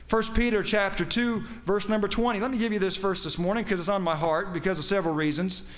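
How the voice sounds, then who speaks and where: Delivering a sermon, a pastor stresses passages of scripture and questions his congregation directly. He talks fast in a high-sitting, fairly bright voice with fairly even intonation.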